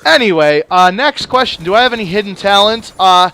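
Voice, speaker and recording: High-voiced, foul-mouthed young gamer guy. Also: fairly quick, clear, resonant tone. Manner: profane, swears constantly; animated, jokey. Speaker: gaming channel host. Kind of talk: casual storytelling over gameplay.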